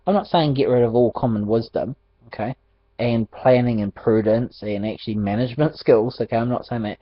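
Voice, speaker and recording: A man telling a personal faith testimony in an animated storytelling way, laughing often. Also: medium pitch, fairly quick, no echo. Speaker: ministry speaker. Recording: dull dry lo-fi recording.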